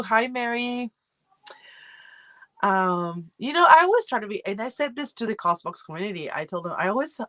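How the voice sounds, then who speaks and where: A woman's voice: lowish voice, a bit bright, no echo. A woman casually chatting on a livestream about subscription boxes, rambling with fillers and greeting viewers by name. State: feeling cold. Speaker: subscription box reviewer hosting a livestream. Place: home room.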